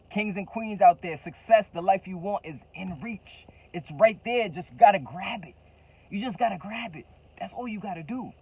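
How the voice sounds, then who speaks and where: Fervent, higher-voiced motivational man. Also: darkish tone, lo-fi sound. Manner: fervent, repeats key phrases, casual slang. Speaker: entrepreneur coach and channel host. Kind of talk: motivational direct-to-camera talk.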